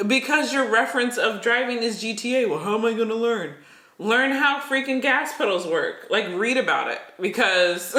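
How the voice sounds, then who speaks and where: Animated middle-aged podcast co-host, echoey room. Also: mid-range voice, normal speed. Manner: animated storytelling, laughs when nervous. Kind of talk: casual chat.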